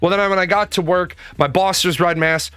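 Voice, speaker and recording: A man's voice: sits high, fairly even intonation, fast, a bit bright, clean tone, dry recording. A man giving a blunt, profane, rambling comedic monologue from his office. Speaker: comedic commentator.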